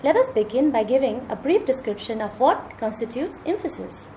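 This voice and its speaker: A woman lecturer with an Indian English accent, giving a recorded grammar lesson in a measured, explanatory way. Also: fairly high pitch, big pitch swings, a little mellow, a little hiss or hum.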